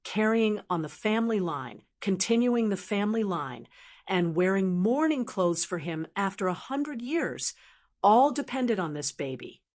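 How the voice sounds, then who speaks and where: A woman narrating a martial arts novel audiobook in a steady, even storytelling manner. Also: mid-range voice. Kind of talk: scripted narration.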